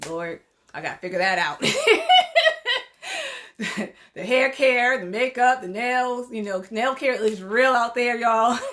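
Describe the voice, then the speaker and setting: A woman's voice: medium pitch, fairly bright tone. A woman psychotherapist talking straight to her viewers in a heartfelt vlog, encouraging and chatty. She laughs often and uses informal asides like 'y'all'. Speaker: psychotherapist and counselor. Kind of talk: direct-to-camera heartfelt vlog address.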